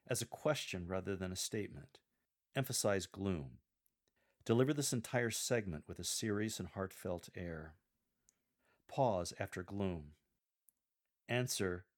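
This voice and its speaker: Deliberate, low-voiced man coaching scripture reading. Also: faint music behind. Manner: measured, deliberate coaching delivery. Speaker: lector coach. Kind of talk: instructional podcast narration.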